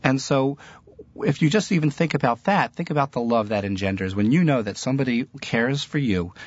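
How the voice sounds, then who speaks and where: A man's voice: mid-range voice, lively intonation, fairly quick, breathy edge. A middle-aged man giving a Jewish religious talk as a teacher, earnest and storytelling, with laughter slipping into his words. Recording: dull, lo-fi, dry recording.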